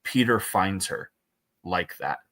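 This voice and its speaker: A man with a fairly low but bright, forceful voice, talking as a guest about his comics. He rambles animatedly and leans on fillers and restarts. The sound is dry and close-miked. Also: expressive, slow pace, no echo. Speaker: comic book creator, podcast guest. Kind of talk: casual chat.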